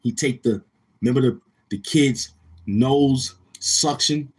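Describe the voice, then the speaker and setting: A man hosting a live stream, teasing and roasting a viewer in loud casual banter and often breaking into laughter. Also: medium pitch, slow pace, slightly rough.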